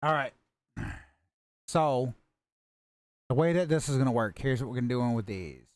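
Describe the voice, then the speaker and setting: A man's voice: medium pitch, expressive, normal speed, a little mellow, dry recording. A man streaming a modded block-building game, joking with his chat and swearing casually while he plays.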